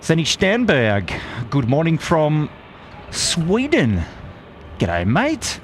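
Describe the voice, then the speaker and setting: A man's voice: a little high, huge pitch swings, drawn-out words. Australian man, live stream host, friendly and upbeat, outdoor airport spot, faint background traffic. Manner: upbeat, friendly, lots of "g'day, mate". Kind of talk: live stream chat shout-outs.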